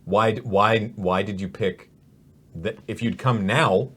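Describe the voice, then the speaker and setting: A man with a fairly low voice talks through comedy sketch ideas in a loose, rambling way. He keeps slipping into quick silly voices to act out lines. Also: a bit bright, husky. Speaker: comedy writer brainstorming sketches. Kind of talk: casual brainstorm chat.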